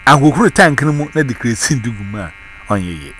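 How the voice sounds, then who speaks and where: A man's voice: mid-range voice, big pitch swings, quick pace, a bit bright, slight background noise. A man, telling a story in casual chat and switching between Twi and English. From Ghana.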